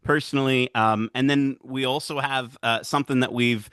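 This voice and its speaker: A man guesting on a podcast, talking in a rambling, excitable way and laughing often. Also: medium pitch, normal speed, clean tone, dry recording, studio quality. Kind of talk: casual podcast chat.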